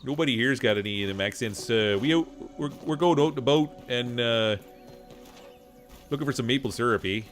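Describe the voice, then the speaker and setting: A man voicing a dopey, beer-loving Canadian hoser in an exaggerated Canadian accent, loud and drawling, ending lines with "eh". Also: mid-range voice, moderate pace, faint music behind, close to an everyday voice. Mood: goofy.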